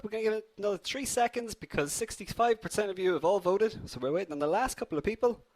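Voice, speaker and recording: A man's voice: high voice, fast, few pauses, darkish tone. A young man hosting a live online coding tutorial, upbeat and chatty, addressing viewers as guys while a slight cold affects his voice.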